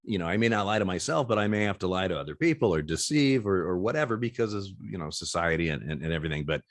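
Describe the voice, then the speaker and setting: Deep-voiced man in his sixties, halting. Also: lively intonation, no room sound, clean studio sound. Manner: halting, stacks repeated words and restarts. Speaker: guest, former umpire. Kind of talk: candid interview conversation.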